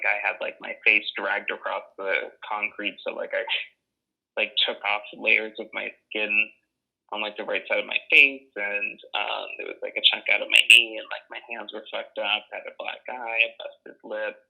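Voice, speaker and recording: A young man from Boston tells his stories casually, blunt and profane, with plenty of fillers. His voice sits low with a gravelly edge. It comes through a thin, phone-like line. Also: little pitch movement, moderate pace. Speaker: oral history interviewee. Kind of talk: casual storytelling.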